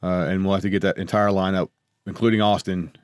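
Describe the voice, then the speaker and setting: An American man hosting a casual podcast, working through his plans in a measured way with plenty of fillers. His voice sits low. The sound is dry and close. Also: flat delivery, clear, resonant tone, dry recording. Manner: measured, filler-heavy planning talk. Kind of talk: casual chat.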